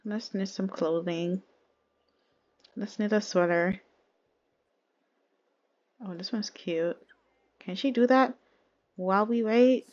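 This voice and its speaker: A woman's voice: medium pitch, slow pace, pauses often, a little mellow. Chatty woman with a dull lo-fi sound. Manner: chatty, laughing, addresses viewers as y'all. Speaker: let's play host. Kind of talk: casual game commentary.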